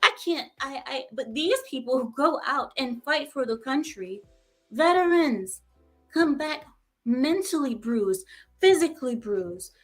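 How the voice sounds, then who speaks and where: A woman's voice: high voice, expressive, measured pace, soft background music. Heated, ranting woman commentator. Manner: heated, emphatic, repeats herself. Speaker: commentary channel host.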